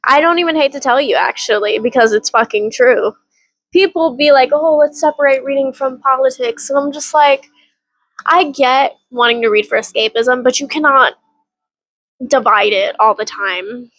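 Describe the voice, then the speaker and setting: A fairly high-voiced woman recording a casual book vlog, talking in a loose, rambling way and laughing often between thoughts. Her voice sits close and dry, with almost no room sound around it. She swears freely. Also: normal speed, fairly bright tone, dry recording, rough recording. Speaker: book vlogger. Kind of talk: casual reading vlog update.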